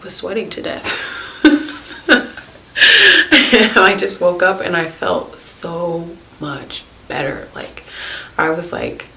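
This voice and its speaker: A woman's voice: fairly low pitch, takes it slowly, gravelly, long pauses, pushed and bright. A young woman hosting a wellness podcast, telling a story casually, with many fillers and frequent laughter. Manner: chatty, filler-heavy, laughs often. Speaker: naturopathic podcast host. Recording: roomy, with faint hiss.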